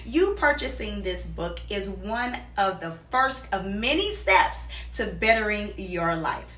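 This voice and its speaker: A woman's voice: mid-range voice, lively intonation, takes it slowly, fairly bright tone, roomy sound, distant mic. A woman host reading a scripted, encouraging promotional message. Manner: encouraging, motivational. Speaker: show host.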